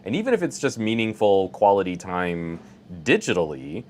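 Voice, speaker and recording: Deep-voiced man with a radio announcer delivery. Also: sing-song, moderate pace. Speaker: podcast co-host. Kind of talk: casual tech podcast chat.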